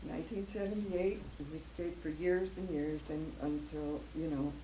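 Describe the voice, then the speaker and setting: A woman's voice: sits low, fairly even intonation, normal speed, few pauses. An older woman giving an emotional personal testimony as a guest speaker at a church, rambling a little and laughing often. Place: church hall. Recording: echoey room, faint noise.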